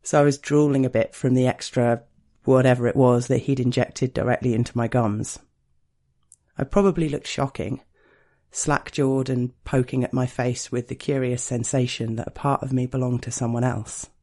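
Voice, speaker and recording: A man reading a first-person erotic story in a slow, intimate, hushed way. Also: mid-range voice, fairly even intonation. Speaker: narrator.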